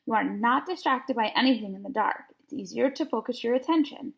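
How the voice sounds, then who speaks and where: A chirpy, know-it-all librarian in a children's storybook, always quoting studies, voiced by a woman reading aloud. The voice is high and a little gravelly, bright and sure of herself. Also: animated, a little fast. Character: quirky woman librarian fond of citing studies.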